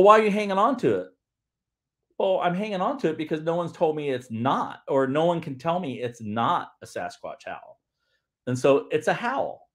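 Male livestream host, mid-pitched voice, loose and rambling delivery with frequent restarts. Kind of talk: casual livestream talk.

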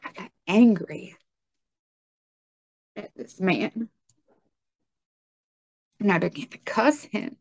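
A young woman telling her personal testimony in conversation, halting and full of ums and likes. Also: mid-range voice, expressive, creaky, a little mellow, no room sound.

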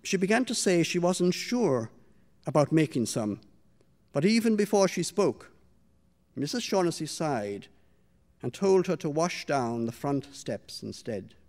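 A man reading his own short story aloud to a live audience, in a measured, quiet storytelling manner. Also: a little high, big pitch swings. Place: stage before a live audience.

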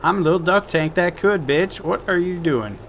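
Cocky little duck-shaped war machine from a video game, high and swaggering, played by a man. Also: normal speed, fairly bright tone, slight background noise. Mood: cocky, carefree. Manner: carefree and boastful.

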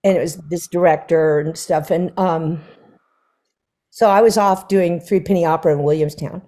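Speaking at normal speed in a lowish voice, a female singer shares stories as an onstage guest before an audience. She animates each anecdote by acting out the dialogue, laughing in bursts as she goes.

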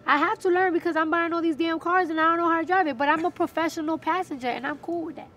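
A young woman with a New York accent, chatting as an interview guest, emphatic and animated, with quick bursts of slang. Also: very high voice, background noise. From New York City. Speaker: interview guest, recording artist. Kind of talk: casual interview chat.

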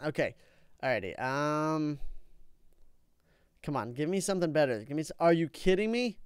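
A young man hosting a let's play video, talking through his game with excitable, melodramatic outbursts of frustration. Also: on the high side, normal speed, clean tone, no echo, clean studio sound. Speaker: gaming video host. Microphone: own microphone, said.

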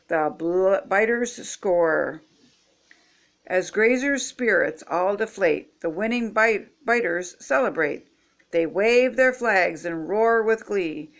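A woman's voice: medium pitch, creaky. An older woman reading picture books aloud expressively, stopping to chat with young viewers. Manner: slow, expressive, chatty asides to young viewers. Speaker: storybook reader.

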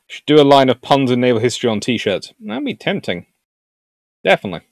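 This is a man hosting a live history stream and answering his chat. His voice swings up and down, lively and playful, and it is recorded close and dry with no room sound. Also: mid-range voice, fairly quick, no echo. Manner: animated and jokey, puts on silly voices for nations. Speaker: naval history livestream host.

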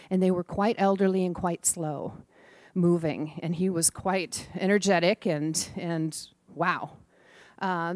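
A woman giving a sermon, telling gentle, affectionate stories about small children and turning animated when she retells their words. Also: mid-range voice, no room sound. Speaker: speaker in a preaching class. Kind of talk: sermon storytelling. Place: church or center hall.

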